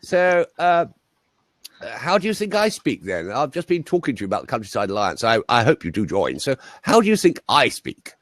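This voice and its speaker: A man's voice: medium pitch, wildly swooping pitch, takes it slowly, few pauses, dry recording, pitched above the performer's own voice. A man voicing a chatty, self-assured upper-class male canvasser in a raised, plummy voice. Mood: chatty, posh.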